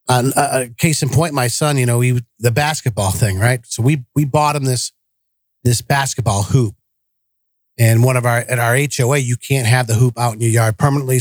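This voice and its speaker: A male podcast co-host, medium-pitched and captured in a dry recording, tells family anecdotes in a casual chat. He is blunt and direct, voicing the quoted dialogue himself.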